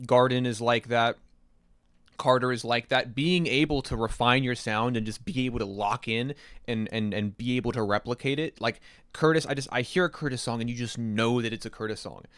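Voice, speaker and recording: A young man streaming live, reacting to listener-submitted songs and chatting with his viewers in a casual, excitable way that includes swearing. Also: mid-range voice, a little fast, clean tone, no room sound, studio quality. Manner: enthusiastic, chatty, swears casually, reads chat aloud. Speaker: streamer reviewing submitted music.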